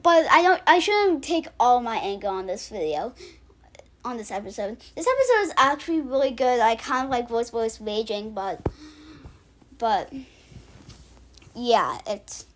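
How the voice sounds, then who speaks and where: A high-pitched woman talks casually to camera as she ranks episodes. She rambles, trips over her words and restarts sentences often, padding them with fillers. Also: very animated, measured pace, long pauses. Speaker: channel host. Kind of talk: casual episode-ranking commentary.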